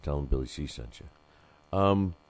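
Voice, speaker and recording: A man's voice: very deep voice, expressive, measured pace, no echo. An older man hosting a boxing podcast, rambling loosely through sponsor reads with jokes and lots of fillers. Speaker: podcast host reading sponsor ads. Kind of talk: casual boxing podcast talk.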